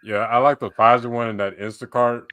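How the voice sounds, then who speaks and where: A man's voice: medium pitch, flat delivery, fairly quick, fairly bright tone, clear, resonant tone, no echo. A man guesting on a podcast, chatting casually, hesitant and trailing off. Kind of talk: casual chat.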